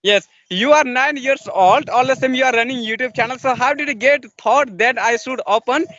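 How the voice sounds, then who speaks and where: A man with an Indian English accent interviewing a guest over a video call, speaking haltingly and restating his questions, with frequent "yes, yes". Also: extremely high pitch, bright, forceful tone, a little hiss or hum. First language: Hindi. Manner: halting, repeats "yes, yes", rephrases questions mid-sentence. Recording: muffled video call audio.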